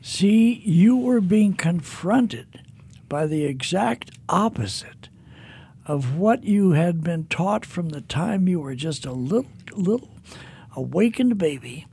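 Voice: medium pitch, expressive, slow, gravelly, dark tone, slightly rough. A talk-show host who interviews a guest, breaking in with emphatic, preacherly comments.

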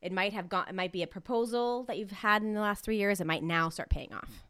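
A young adult woman co-hosting a casual chat, talking in a relaxed, rambling way. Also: medium pitch, fairly quick, smooth, no room sound, studio quality. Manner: relaxed, rambling, with fillers and restarts. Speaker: podcast co-host reading horoscopes.

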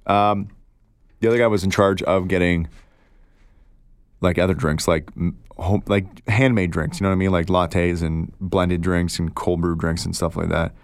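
A man with a fairly low voice hosts his own show alone, chatting in a relaxed, storytelling way. He acts out the people in his stories as he goes. The sound is dry and close, with no room echo. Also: moderate pace. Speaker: podcast host. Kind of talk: casual solo chat.

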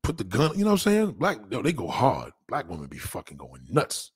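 A brash, profane man holds forth on a livestream, his pitch leaping around as he rants. His voice is slightly husky and sits dry and close to the mic. He keeps sliding into mocking voices. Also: wildly swooping pitch, a little fast, dry recording. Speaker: livestream host. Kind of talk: crude comedic rant to a livestream chat.

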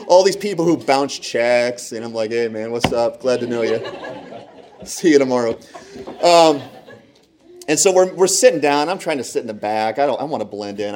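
A man telling a humorous personal story to a live audience in an animated, conversational, self-deprecating way. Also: medium pitch.

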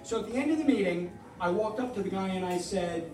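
A high-voiced man spins a wry, salty story about himself, picked up from a distance in a live, echoey hall. A low hum of audience ambience sits under him. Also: animated, fairly quick, a little mellow. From New York. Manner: wry, profane, self-mocking. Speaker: comedian telling a personal story.

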